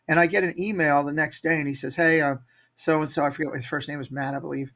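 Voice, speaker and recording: A man's voice: on the high side, fairly even intonation, fast talker, a bit bright. A man with an upbeat, motivational manner, telling stories as a guest in a casual interview. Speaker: guest, Disney YouTube creator.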